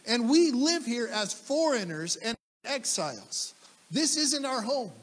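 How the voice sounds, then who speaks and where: A male pastor delivers a sermon in a high, lively voice that rises and falls widely. He stresses key phrases by repeating them and asks his listeners questions. His voice rings with the long reverb of a church hall. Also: unhurried. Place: church sanctuary.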